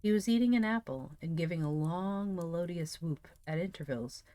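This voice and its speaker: Low-voiced woman reading a novel aloud. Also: no echo. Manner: steady, measured narration with chatty asides to viewers. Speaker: live-stream reader. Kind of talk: reading a classic novel aloud on a live stream.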